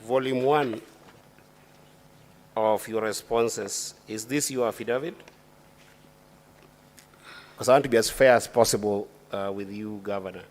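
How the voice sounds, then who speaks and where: Senator, male, lowish voice, deliberate and formal, restarts phrases. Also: fairly even intonation. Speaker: senator questioning a witness. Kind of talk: formal questioning at a hearing. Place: committee hearing chamber.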